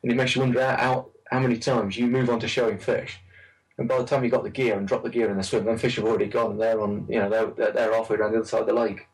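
A man's voice: on the low side, level tone, racing, far from the mic, rough recording. A man chatting casually about carp fishing, rambling and repeating words as he tells stories. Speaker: carp angler recalling a lake. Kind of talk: casual chat.

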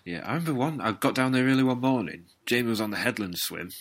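A man's voice: mid-range voice, animated, fast talker. A Northern English man chatting casually about fishing, telling stories in a dry, understated way. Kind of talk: casual chat.

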